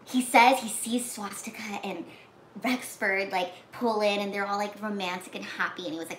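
A woman casually retelling a movie plot, talking with lots of "like"s and acting out the characters' lines in whispers and shouts. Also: medium pitch, brisk. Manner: animated, many "like"s, acts out lines in whispers and shouts. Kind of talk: casual chat. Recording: echoey room with faint noise.

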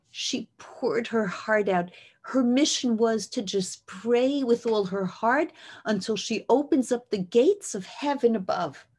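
A woman's voice: medium pitch, darkish tone. A woman giving an inspirational religious talk, retelling a scripture story with passion and sprinkling in Hebrew terms. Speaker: speaker, rebbetzin.

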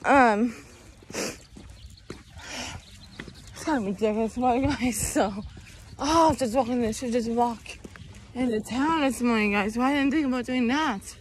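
A high-voiced young woman talks to her phone as she walks outside, slow and breathless, with a faint hiss of street noise behind her. Her speech rambles loosely and keeps circling back to "you guys.". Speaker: vlogger. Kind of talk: casual vlog chat. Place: outdoors walking around town.

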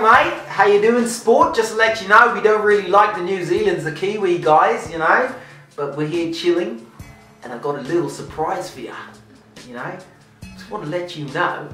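A laid-back Australian bloke chats easily in a put-on Aussie accent, as a man puts him on. He drawls through his lines in a relaxed way. The voice is far from the mic in an echoey room, with faint music behind. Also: high-pitched. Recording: roomy, distant, music behind.

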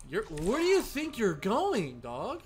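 A man giving excitable live commentary while streaming a game, swearing and talking to the players he is up against. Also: sits high, slow pace, faint music behind. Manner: excitable, swears, talks to opponents.

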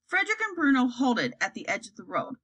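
A woman reading a children's fantasy story aloud, acting out the characters in a lively way. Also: high-pitched, a little fast, husky, rough recording. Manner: acts out characters, lively delivery. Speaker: audiobook reader.

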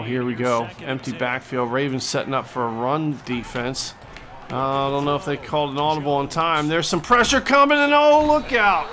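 A man doing excitable mock play-by-play commentary over a football video game, bursting into loud exclamations on big plays and tossing in cheeky asides. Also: a little high. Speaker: gaming channel host. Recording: game music playing behind the voice.

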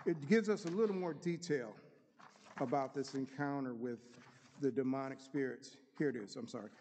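A deacon preaches a sermon in a church sanctuary, his mid-range, slightly mellow voice moving at normal speed. He reads scripture aloud with rising emphasis and occasionally stops to find his notes. The recording carries the long reverb of a church hall and slight background noise.

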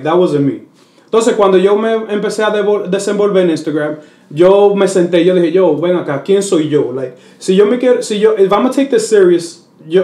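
A man's voice: high-pitched, reverberant. A Dominican-born comedian chatting casually in an interview, switching between English and Spanish and putting on voices as he tells stories. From Dominican Republic. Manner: animated, puts on voices while telling stories. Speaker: comedian guest.

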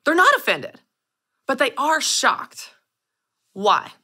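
A woman in her thirties hosting a solo podcast, telling personal stories with animated delivery and acting out quoted lines. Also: high voice, slow pace. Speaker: podcast host. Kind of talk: scripted solo podcast monologue.

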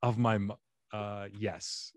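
A man hosting a comedy podcast, chatting casually and making deadpan jokes with playful bits. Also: on the low side, slow pace, dry recording, studio quality. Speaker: podcast host.

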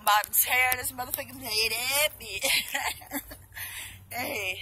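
A woman's voice: on the high side, a little slow, pauses often, pushed and bright, a little hiss or hum, low-quality recording. A drunk young woman vlogging outdoors on her phone, rambling and swearing with loose banter. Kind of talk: casual rambling selfie vlog. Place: outdoors by a busy road.

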